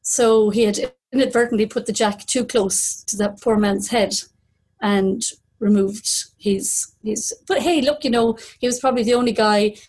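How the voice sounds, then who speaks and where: A woman's voice: a little high, normal speed, a little mellow, rough recording. A middle-aged woman telling a true story at a live storytelling event, vivid and dramatic. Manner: vivid, dramatic retelling with acted quotes.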